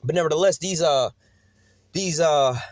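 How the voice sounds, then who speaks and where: A man's voice: fairly high pitch, moderate pace, no echo. A man giving an informal, profane preaching monologue who keeps checking in with his listeners. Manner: profane, conversational, keeps asking "you know?". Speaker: religious teacher.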